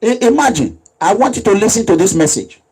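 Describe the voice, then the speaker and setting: A man delivers political commentary in a high, husky voice with lively pitch swings. He lectures and repeats himself emphatically. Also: brisk, rough recording. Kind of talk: video commentary.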